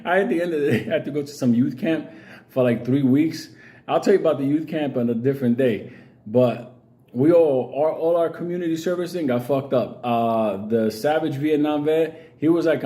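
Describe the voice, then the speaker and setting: A middle-aged man rambles through a crude, laugh-filled story. His voice sits a bit high, yet its tone stays soft and mellow. He talks in a loose, profane vlog style. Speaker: vlogger. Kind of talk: casual storytelling.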